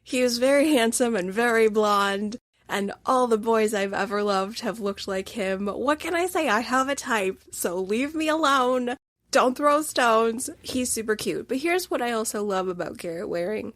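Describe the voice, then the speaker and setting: A woman's voice: a little high, lively intonation, moderate pace, a bit bright, no echo, studio quality. A woman hosting a solo podcast, talking through a film review in an emotional, gushing and candid way. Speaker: instructor.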